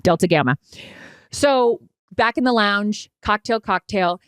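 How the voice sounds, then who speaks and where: A woman chatting on a podcast, her voice sitting at a middle pitch. She tells a long story with animated energy and a few swear words. The sound is dry and close. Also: a little slow, smooth, no echo. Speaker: podcast co-host. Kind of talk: casual chat.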